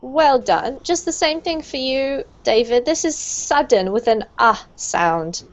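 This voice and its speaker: With a high voice, lively intonation and a slow pace, this woman runs an online group pronunciation class. She's cheerful and supportive, often praising her students, and the video call audio comes through dull and lo-fi.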